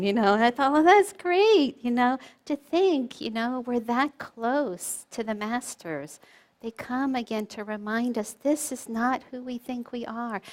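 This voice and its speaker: A woman giving an informal spiritual talk at a retreat, telling stories in a chatty way, often laughing and acting out the people she quotes. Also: fairly high pitch. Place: retreat gathering before a group.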